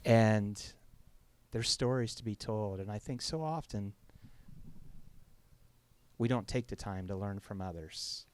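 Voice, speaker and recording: Man, talk show host, lowish voice, affirming, promotional. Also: takes it slowly, long pauses, darkish tone.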